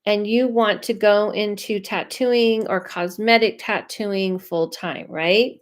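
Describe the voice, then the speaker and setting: A woman of middle pitch hosts a live psychic reading stream. She chats loosely, trails off and restarts her sentences as she works through viewers' questions. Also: steady tone, slow pace. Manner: chatty, self-interrupting, thinks aloud; reads viewer questions aloud. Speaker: psychic medium.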